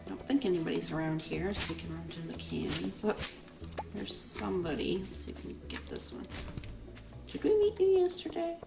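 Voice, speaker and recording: A woman's voice: fairly low pitch, steady tone, a little fast, creaky. A woman hosting a let's play, chatting casually and explaining as she plays. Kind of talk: casual gameplay commentary. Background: game music.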